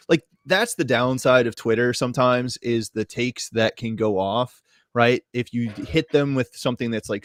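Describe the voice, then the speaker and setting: A man's voice: medium pitch, dry recording, studio quality. A man guesting on a podcast in casual chat, rambling with many fillers and laughing easily.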